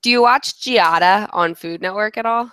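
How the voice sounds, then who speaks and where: A young woman co-hosting a casual podcast chat, sarcastic and animated, laughing often. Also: mid-range voice, moderate pace, smooth, no room sound. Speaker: podcast co-host.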